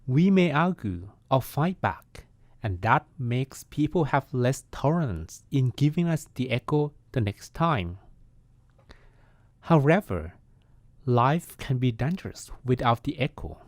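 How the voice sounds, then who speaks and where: A man, a Buddhist monk, hosting a podcast and giving a calm, reflective meditation talk. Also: mid-range voice, a little slow, dry recording.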